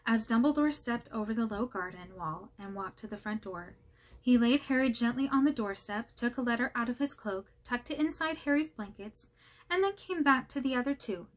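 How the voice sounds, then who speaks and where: A woman's voice: on the high side, expressive, moderate pace. A woman casually reading a children's novel aloud, friendly and slightly hesitant, apologizing for slips. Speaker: channel host reading aloud.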